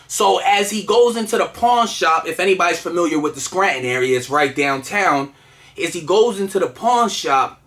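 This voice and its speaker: A man with a high, bright voice recounts a personal story in relaxed conversation. He talks earnestly, stumbling and restarting as he goes, and fills the gaps with "um" and "like.". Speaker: guest telling his story. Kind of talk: casual storytelling.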